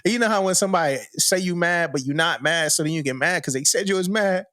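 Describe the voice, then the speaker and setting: A man's voice: on the high side, quick pace, bright, forceful tone, no room sound, studio quality. A man, a podcast co-host, telling a story in a loose, slangy way, often laughing and asking "you know what I mean". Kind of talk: casual storytelling chat.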